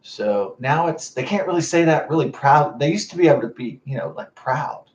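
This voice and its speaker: A young man rambling in a halting monologue, full of fillers and restarts. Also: fairly high pitch, animated. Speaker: vlogger. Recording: roomy, muffled, from a distance.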